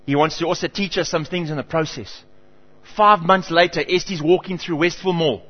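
A man's voice: fairly high pitch, fairly quick. A middle-aged man preaching a sermon as pastor, telling stories and acting out the people in them. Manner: animated storytelling, acts out quoted voices. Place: church hall. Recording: dull reverberant church hall.

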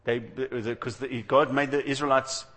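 A man's voice: mid-range voice, steady tone, unhurried, a bit bright. A man preaching a sermon in a conversational, storytelling way, acting out the voices of the people he quotes. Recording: long hall reverb.

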